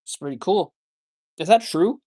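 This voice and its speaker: A man's voice: high-pitched, lively intonation, moderate pace, dark tone, husky. Dude live on his phone, walking and talking, bit out of breath, jokey chat. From Canada. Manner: chatty, joking, answers chat aloud. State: slightly winded from walking. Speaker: livestream host. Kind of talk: casual live chat reading viewer comments. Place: outdoors, walking.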